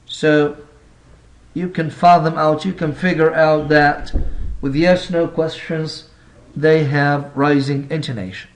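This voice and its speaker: A male English teacher with as his gives a recorded lesson. He explains slowly, rephrases his points and asks the class rhetorical questions. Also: fairly high pitch, fairly even intonation.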